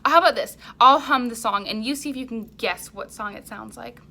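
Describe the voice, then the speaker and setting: A woman's voice: a little high, slight background noise. A woman teaching a music lesson to young children, leading them in chants and songs with plenty of encouragement. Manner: warm encouraging, slow and clear, sings and chants along.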